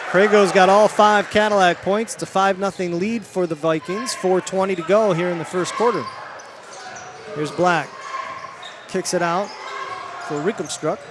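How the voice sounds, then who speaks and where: A man with a Michigan accent calling a high school basketball game play by play, quick and rising for big plays. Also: steady tone. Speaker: play-by-play announcer. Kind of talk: live basketball commentary. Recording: gym ambience, bouncing ball noise.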